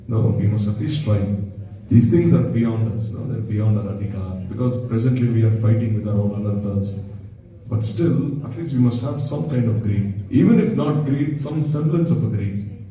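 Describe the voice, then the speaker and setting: A man's voice: on the low side, dark tone. A man giving a devotional sermon as a spiritual teacher, telling stories and asking his listeners rhetorical questions. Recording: very echoey room, distant mic.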